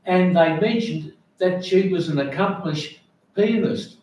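Older australian man in the audience, higher voice, halting rambling questions, far and echoey. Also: darkish tone. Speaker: audience member asking questions.

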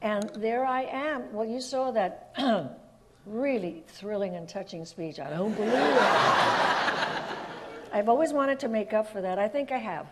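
Lively older woman telling stories. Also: a little high, unhurried, heavy background noise. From Puerto Rico. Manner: lively storyteller, laughing often, animated. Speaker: interview guest. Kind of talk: anecdotal storytelling in an interview.

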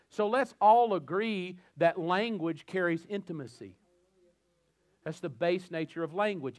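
A man with a Southern American accent preaches a sermon in a fairly high voice. He is animated, repeats his words as he starts a thought, and acts out small scenes. The sound is dry and close. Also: moderate pace, no room sound. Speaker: pastor. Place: church.

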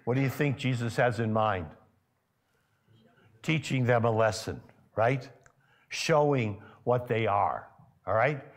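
Preaching in a church sanctuary, this male pastor has a rather high voice. He keeps questioning the congregation directly, becoming loud and emphatic whenever he gets worked up.

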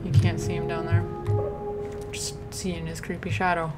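A woman's voice: fairly low pitch, monotone, moderate pace, loud music behind the voice. A woman commenting on her horror gameplay, nervous and easily startled, often talking back to the game. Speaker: let's play host.

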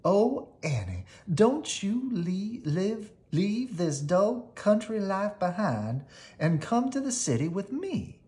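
A woman voicing a showy female city mouse in a storybook reading, speaking in a grand, drawn-out way. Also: mid-range voice, very animated, dark tone, pitched above the performer's own voice.

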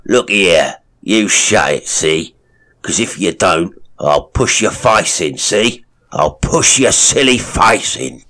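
Man doing a rough male street tough, loud and menacing, voice pushed up higher than his own, gravelly, coarse bully. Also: expressive, takes it slowly, full character voice. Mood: belligerent. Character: ill-favoured garlicky male brawler, menacing, coarse.

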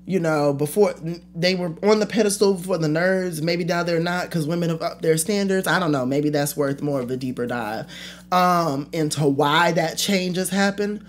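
A woman's voice: on the low side, moderate pace, a little hiss or hum. A young adult woman hosting her own podcast in a casual solo rant, blunt and profane, trailing off and restarting her thoughts. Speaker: podcast host.

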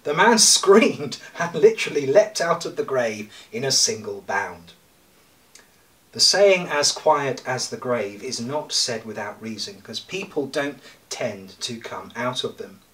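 Man, priest, sermon, measured with pauses and light humour, bright tone, recorded from a distance. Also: medium pitch, animated. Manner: measured preaching with jokes and pauses. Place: church.

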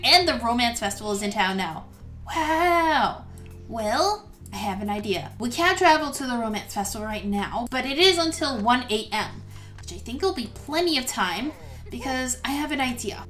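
High-voiced, gushing woman gaming host. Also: normal speed, soft background music. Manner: excitable and gushing, gasps often. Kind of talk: let's play commentary.

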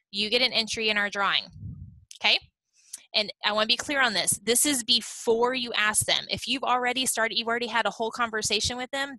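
A woman's voice: medium pitch, sharp tone, dry recording, poor audio. A woman leading a team meeting on a video call, upbeat and chatty, checking in often with "okay?". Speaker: team leader.

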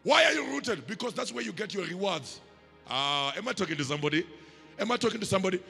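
A South African pastor preaching in a high, gravelly, raspy voice with a sharp, forceful edge. His delivery is emphatic and rhythmic, full of call-and-response to the congregation. The sound carries a long church-hall reverb with faint music underneath. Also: lively intonation, quick pace. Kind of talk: sermon.

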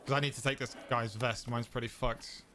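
A man from Derby with an East Midlands accent, streaming and chatting casually while gaming, with loud sweary outbursts. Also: medium pitch, steady tone, fairly quick. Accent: East Midlands English. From Derby, England. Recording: game noise under voice.

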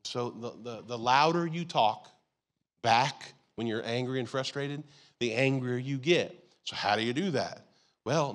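A man's voice: medium pitch, moderate pace, a bit bright. A man preaching a sermon as a pastor in a church, in a conversational style with lots of "you gotta" and "like". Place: church auditorium.

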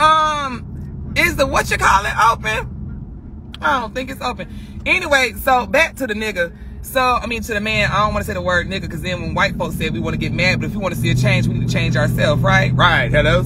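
Livestreaming from his car on the road with his phone in a dashboard holder, a high-pitched man chats casually while driving. He's sassy, loud and profane, often calling his listeners girl, and car, road and traffic noise fill the recording.

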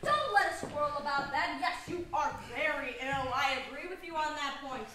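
A young woman acting a bold, sharp-tongued servant in a live stage play, teasing and mock-soothing her master. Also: sits high, animated, normal speed. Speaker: stage actor. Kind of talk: live theater performance. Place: small black box theater. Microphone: distant room mic. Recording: roomy stage sound from far off.

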